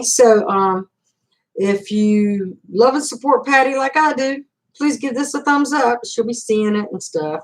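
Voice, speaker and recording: A woman's voice: mid-range voice, rough recording. An older woman hosting a casual livestream, telling a rambling story full of acted-out quotes and laughter. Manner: frequent laughs and fillers. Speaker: channel host.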